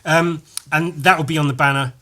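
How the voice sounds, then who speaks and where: This podcast host has a voice on the high side with a sharp tone, talking briskly with fairly even intonation. Alone at the mic, he spins a rambling comedic tale full of self-corrections and crude remarks.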